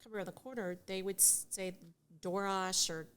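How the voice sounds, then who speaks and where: Animated storytelling middle-aged woman. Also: medium pitch, normal speed. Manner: animated storyteller who laughs often and acts out dialogue. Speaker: guest, divorce mediation attorney. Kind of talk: casual podcast chat.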